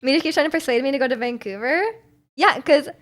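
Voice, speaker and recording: Talking fast in a high voice, a Canadian woman reads viewer comments in a casual stream. She comes across bubbly and giggly, with frequent sentence restarts.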